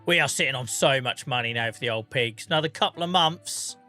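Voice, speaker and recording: A man in his forties, live streaming a farming game and chatting casually with his chat, joking, laughing often and greeting viewers by name on a boom-arm mic. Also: fairly quick, sharp tone, faint music behind. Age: 40s. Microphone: boom-arm microphone.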